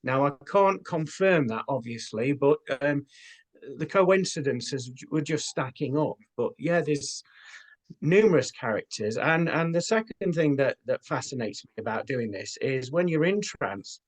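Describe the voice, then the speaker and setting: An earnest man of ordinary pitch, talking as a guest in an interview. He tells his experiences at an unhurried pace, with plenty of ums and uhs. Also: animated. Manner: earnest, unhurried storytelling with fillers. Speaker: guest, spiritual medium. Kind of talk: casual interview talk.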